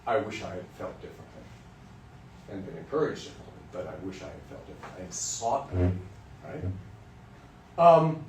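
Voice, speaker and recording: A man's voice: low-pitched, sing-song, moderate pace, long pauses, a little mellow, slight background noise. A man from Western Kansas, a voice teacher, lecturing music students in a candid, joking, storytelling way. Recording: roomy sound from a distant mic.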